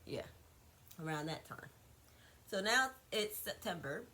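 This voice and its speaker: A young woman vlogger telling a gossipy storytime, animated and repetitive, swearing freely. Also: mid-range voice, measured pace, poor audio.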